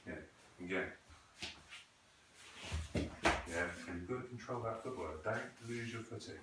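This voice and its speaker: A man coaching a student through krav maga drills in a patient, corrective way, often asking questions to make the student think. His voice sits a little low. The sound is captured from some distance, with heavy echo off the walls of the hall. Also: unhurried, heavy background noise. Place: training hall. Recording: echoey room, voice from a distance.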